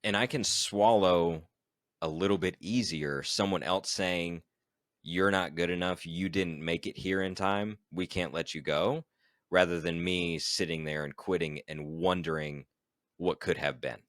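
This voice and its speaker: A man's voice: low-pitched, measured pace, no echo, studio quality. A young man, a podcast guest, telling a long personal story in an interview and acting out the dialogue. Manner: animated storyteller who acts out quoted dialogue.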